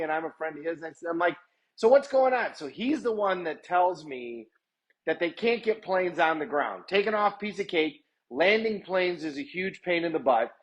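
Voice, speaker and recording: A man with a voice pitched a little above most men's tells a personal story in a loose, conversational way. He rambles along with plenty of "I'm like" asides and acts out each person he quotes. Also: fairly bright tone. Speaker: lawyer sharing personal stories.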